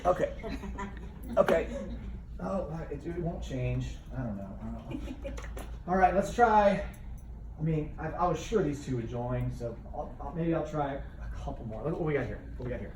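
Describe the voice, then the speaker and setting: A woman's voice: low-pitched, expressive, moderate pace. A woman leading a team training session, talking playfully and exclaiming often as she acts out a demonstration. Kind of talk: lively training demo with a live audience. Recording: echoey room, voice from far off, background noise.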